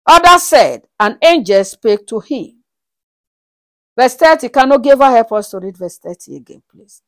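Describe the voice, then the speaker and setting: A woman's voice: on the high side, moderate pace. A woman preaching a sermon, reading Bible verses aloud and asking the congregation again and again whether they are following, with bursts of laughter and praise between verses. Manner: animated, with frequent rhetorical checks on the congregation.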